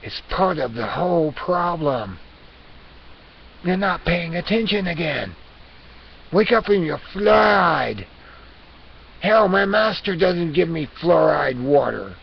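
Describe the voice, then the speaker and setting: A man's voice: medium pitch, takes it slowly, creaky, husky, full character voice. A man voicing a male house cat who rants and scolds, hectoring listeners to pay attention. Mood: scolding. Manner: hectoring, conspiratorial, repeats demands to pay attention. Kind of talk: comic character rant. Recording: dull lo-fi recording with hiss.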